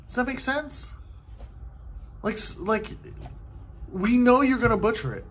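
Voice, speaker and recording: A male vlogger rants loosely and rambles from a hotel room, exasperated, swearing often and leaning on filler words. His voice is very high, a bit bright and breathy, expressive and unhurried. Faint TV noise plays in the background.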